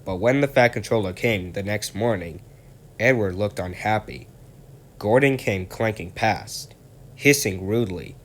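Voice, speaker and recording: A man narrates a children's story aloud in a calm, steady reading voice. His pitch sits on the low side. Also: a little slow.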